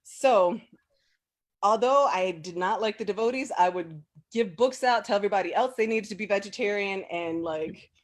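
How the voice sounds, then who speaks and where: A mid-range-voiced woman speaking at normal speed tells personal stories as a relaxed interview guest. She's talkative and laughs often, filling gaps with fillers and turning animated when she quotes people.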